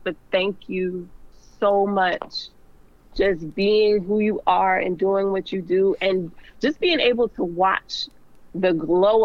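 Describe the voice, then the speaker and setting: A woman's voice: medium pitch, no room sound, muffled recording. A woman fashion designer, a podcast guest joining remotely, talking earnestly with many fillers. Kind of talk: casual interview chat. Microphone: remote call, not in the studio.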